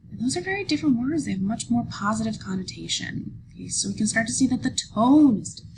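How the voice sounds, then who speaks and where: A woman teacher walking students through a lesson, patient and explanatory, checking in often with "okay?" and pausing on fillers. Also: a little high, animated, gravelly, noisy background. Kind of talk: screen-recorded lesson walkthrough.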